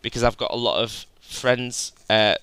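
A man talks over his gameplay footage as a channel host. His voice is bright and forward, with a very smooth, crisp clarity. He chats in a loose, rambling way and keeps calling his viewers "guys.". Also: mid-range voice, steady tone, normal speed, no room sound. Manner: chatty, rambling, says "guys" often.

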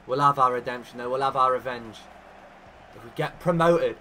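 A young man commentating his own football video game career with lively, animated energy and sudden shouts. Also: mid-range voice, normal speed. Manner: animated, shouts at big chances. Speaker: gaming YouTuber. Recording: faint guitar music behind.

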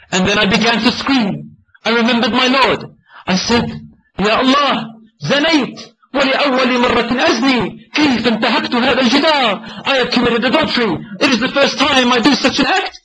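A man's voice: very high voice, sharp tone, poor audio. A male preacher telling a dramatic story in a sermon, emotional and acting out the voices. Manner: emotional, dramatic retelling with acted quotes.

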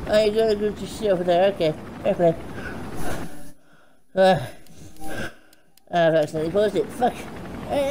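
A man with a high, jumpy voice that swoops wildly up and down, cursing and yelling at the screen. He drags his words slowly between outbursts, over a noisy mix of game sounds. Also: expressive. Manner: constant swearing, shouting and panicked yelps. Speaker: gaming streamer. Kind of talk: gaming commentary.

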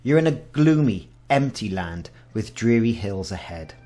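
A man's voice: fairly low pitch, expressive, measured pace, dark tone, soft background music. A man in his forties hosting a casual game walkthrough, reading the game's text aloud with wry asides. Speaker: gaming channel host.

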